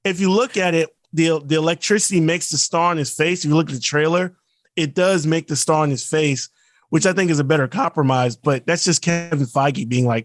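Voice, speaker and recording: A man co-hosting a podcast, ranting in casual chat and mimicking actors in quick asides. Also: on the high side, no echo. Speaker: podcast co-host.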